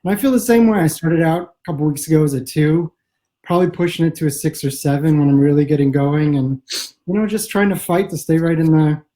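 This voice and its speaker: A man's voice: on the high side, fairly quick, dark tone, rough recording. A man from the American Midwest, a comic writer as an interview guest, talking over a video call in a thoughtful, rambling way. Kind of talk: casual interview chat.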